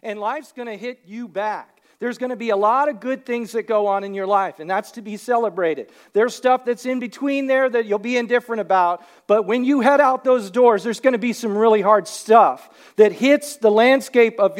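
High-voiced man preaching a sermon. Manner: conversational, shifts into loud shouts for emphasis. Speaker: pastor. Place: church stage.

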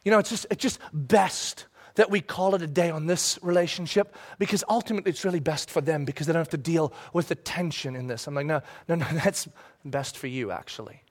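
A middle-aged man preaching a sermon, animated, swinging from soft asides to loud shouted quotes. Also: fairly high pitch, fast talker, few pauses. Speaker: pastor.

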